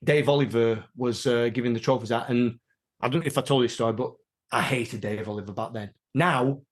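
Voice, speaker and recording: A man, an interview guest telling rambling, animated stories in casual chat. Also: medium pitch, a little fast. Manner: animated, rambling, many restarts.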